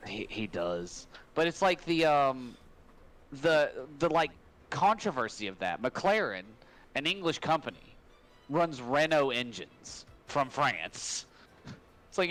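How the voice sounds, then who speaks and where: A man's voice: mid-range voice, big pitch swings, slow, a bit bright. A man co-hosting a trivia stream on a wired headset, laid-back and joking, often laughing. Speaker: trivia night co-host. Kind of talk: casual livestream banter.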